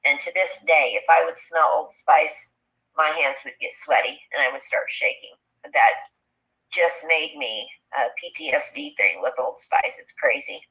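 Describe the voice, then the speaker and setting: A woman telling a personal encounter story in a halting, earnest way, full of fillers, on a dull lo-fi recording. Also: low-pitched, very animated, bright, forceful tone. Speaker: eyewitness sharing an encounter.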